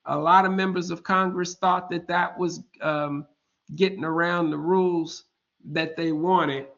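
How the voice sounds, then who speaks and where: Teaching online, a fifties-aged man moves slowly and deliberately through his material, pausing regularly to ask "all right?" to see if students follow, with casual jokes along the way. His slightly high voice is gravelly and a bit bright, with fairly even intonation. The recording is dull and lo-fi, as if picked up by a computer microphone.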